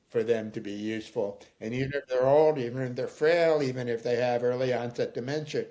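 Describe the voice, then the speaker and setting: An older man speaking as an interview guest, telling stories in a thoughtful, halting way with many fillers. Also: medium pitch, a little mellow. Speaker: guest, founder of an aging nonprofit. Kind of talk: conversational storytelling interview.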